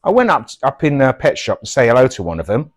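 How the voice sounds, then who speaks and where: A middle-aged man, trading scripted comic banter in a mock-earnest, deadpan, sweary way. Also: mid-range voice, quick pace. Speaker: comedy double act host.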